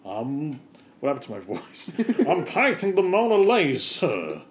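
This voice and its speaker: A man's voice: a little high, wildly swooping pitch, a little slow, a little hiss or hum, pitched above the performer's own voice. A man voicing a fussy, bossy male Renaissance painter who snaps orders at his sitter. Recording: roomy echo.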